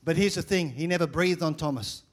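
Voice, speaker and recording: High-voiced man preaching with energy. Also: brisk. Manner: energetic preaching with repeated phrases, swings from loud to quiet. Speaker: pastor. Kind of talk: sermon.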